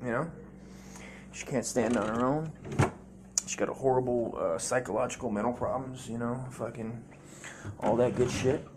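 A man's voice: mid-range voice, normal speed, pauses often, noisy background. A man telling loose, profane stories from his childhood in a casual comedy monologue. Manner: profane, rambling, mimics voices loudly. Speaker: comedy storyteller. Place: home.

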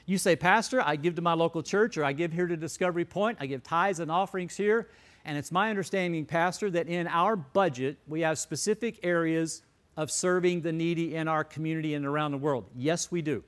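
A man's voice: fairly high pitch, fairly quick, a bit bright. A middle-aged man, a pastor, giving a conversational sermon and repeating key words for emphasis.

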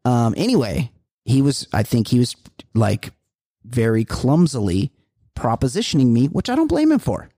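A man hosts a comedy podcast and tells long, profane stories in a rambling way. His tone is dark and slightly husky, and his pitch swings widely. The sound is dry and close. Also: big pitch swings, moderate pace, no room sound. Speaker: podcast host. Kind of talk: casual comedy chat.

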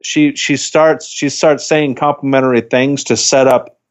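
A man co-hosting a podcast in casual chat, talking haltingly with many restarts and fillers. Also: medium pitch, steady tone. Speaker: podcast co-host. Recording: slightly dull lo-fi sound.

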